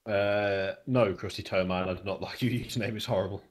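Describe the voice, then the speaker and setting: A man's voice: lowish voice, fairly even intonation, a little fast. A man co-hosting a live Q&A, joking and laid-back, talking into a headset mic. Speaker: co-host of a live Q&A. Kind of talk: casual chat.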